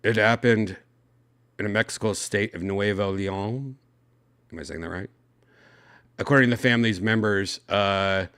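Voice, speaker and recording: A man's voice: on the low side, no room sound, studio quality. A man hosting a podcast, reading news stories aloud in a casual chat and reacting with lots of exclamations and swearing. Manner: animated, exclaiming, swearing often. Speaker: podcast host.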